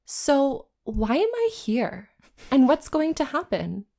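A woman's voice: high-pitched, very animated, takes it slowly, vocal fry, mellow, voice pushed up, full character voice. Woman doing a flustered young woman in hell.

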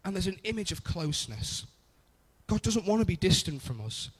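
A man's voice: high voice, very animated, normal speed, slightly rough. A young adult man preaching a conversational sermon, often repeating phrases for emphasis. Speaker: pastor.

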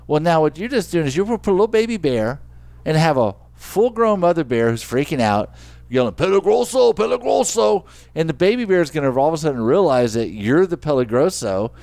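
A man's voice: fairly high pitch, very animated, quick pace, a little mellow, no room sound. Teasing man with a dry close sound. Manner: joking, teasing, stumbling restarts. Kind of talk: casual chat.

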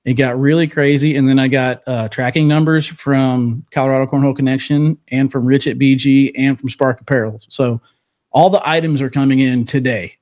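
A man's voice: mid-range voice, steady tone, moderate pace, darkish tone. Chatty man co-hosting a cornhole podcast. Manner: chatty, hypes things up, laughs between lines. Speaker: podcast co-host. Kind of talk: casual chat. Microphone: remote video call.

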